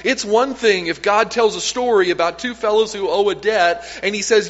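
A man preaching a sermon to a congregation in a loose, conversational way, fairly high in pitch. His phrases often sink quiet at the end, and he corrects himself mid-sentence. The sound is dull and lo-fi, with a long echo from the church hall. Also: a little fast, few pauses. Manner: conversational, self-correcting, drops to quiet at line ends. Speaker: pastor. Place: church sanctuary.

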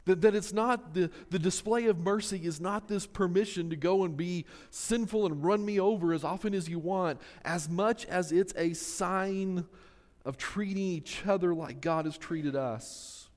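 A male pastor preaching a sermon in an earnest way, slowing down to stress key words. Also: high-pitched, a little mellow. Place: church sanctuary. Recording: long reverb of a large hall.

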